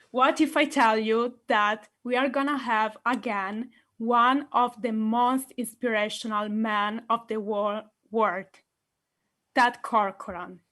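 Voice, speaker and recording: Italian woman, meeting host on a video call; unhurried, fairly high, playful crowd-work delivery. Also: a bit bright. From Italy. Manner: playful, theatrical, addresses audience directly. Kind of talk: enthusiastic public address.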